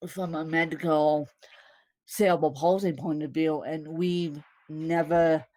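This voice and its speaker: A woman's voice: low-pitched, fairly even intonation, a little slow, a little mellow. A woman content creator chatting casually to her fans, often repeating herself and laughing. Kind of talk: casual vlog talk to fans.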